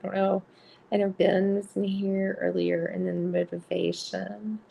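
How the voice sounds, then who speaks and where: A woman with a very gravelly, husky voice chats with her live-stream viewers while she reads cards. She talks at an unhurried pace, rambles through lots of filler words, and giggles often between her sentences. Her tone is dark and mellow. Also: mid-range voice, little pitch movement. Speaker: live-stream card reader.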